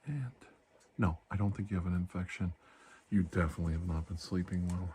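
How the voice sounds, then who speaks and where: Low, dark-voiced man in whispered role-play. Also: fairly even intonation, fairly quick, slight background noise. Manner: soft-spoken, gently reassuring, chatty. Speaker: ASMR creator playing a doctor.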